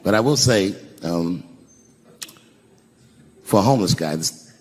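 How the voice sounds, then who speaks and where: Animated stand-up comedian man. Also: low voice, a little slow. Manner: animated, shouting the punchlines. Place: large live venue. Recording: echoey live hall, audience laughter.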